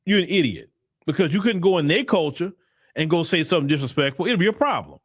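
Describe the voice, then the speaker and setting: A man's voice: a little high, expressive, fast, slightly rough, no echo, studio quality. A man giving blunt, emphatic opinion commentary in casual slang, often repeating himself for emphasis. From United States. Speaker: commentary channel host.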